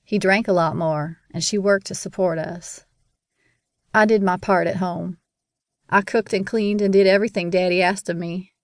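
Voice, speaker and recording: Female audiobook narrator, measured and grave first-person read; dry studio sound. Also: fairly low pitch, steady tone, dry recording.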